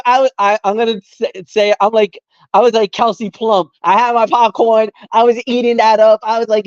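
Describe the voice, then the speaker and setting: A woman's voice: fairly high pitch, no room sound. Chatty woman with a dull, dry sound. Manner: chatty, animated, repeats words when excited. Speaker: podcast co-host. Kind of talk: casual wrestling recap chat.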